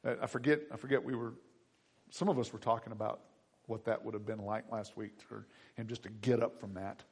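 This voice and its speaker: A man's voice: fairly low pitch, a little fast, slightly rough. A man preaching a conversational sermon to his congregation, acting out quotes and asking them questions. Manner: animated, acts out quotes, asks the congregation questions. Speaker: pastor.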